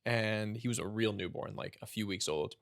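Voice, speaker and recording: A man in his thirties speaking as a podcast guest and author, telling stories in an earnest, animated way. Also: lowish voice, normal speed, no room sound, studio quality. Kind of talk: conversational storytelling.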